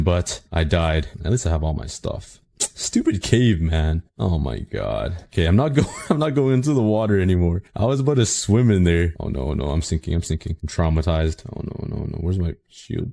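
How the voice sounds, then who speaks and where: A young man commentating his Minecraft run, excitable and self-mocking, jumping to sudden panicked shrieks. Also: low voice. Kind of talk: casual gameplay commentary.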